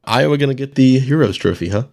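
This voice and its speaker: A man's voice: mid-range voice, lively intonation, fast talker, vocal fry, darkish tone, no echo, studio quality. A man co-hosting a casual football podcast, teasing the others with wry banter. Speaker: podcast co-host. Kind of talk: casual sports chat.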